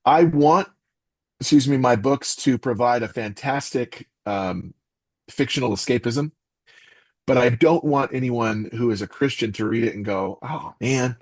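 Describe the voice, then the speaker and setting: A middle-aged man speaks as a podcast guest in an earnest, animated way. His voice sits in a middle pitch, and he breaks into little acted quotes as he talks. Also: a little slow. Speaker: podcast guest, author and voice actor. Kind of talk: casual interview talk.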